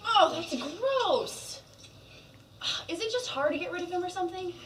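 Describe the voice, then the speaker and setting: A woman's voice: very high-pitched, expressive, normal speed. An actress in a student film plays a curious young woman who teases and pries. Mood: teasing. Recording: distant, noisy film audio.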